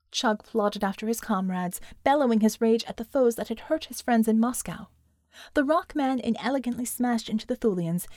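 A woman narrating a battle scene in a steady, measured reading voice. Her voice sits a little high, and the recording is dry with no room sound. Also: no room sound. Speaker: audiobook narrator. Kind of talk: scripted narration.

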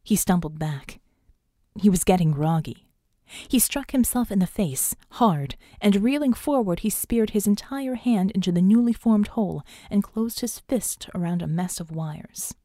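A woman's voice: medium pitch, lively intonation, a little slow, mellow, no echo, clean studio sound. A woman narrating an audiobook in a tense, dramatic reading. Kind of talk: scripted narration.

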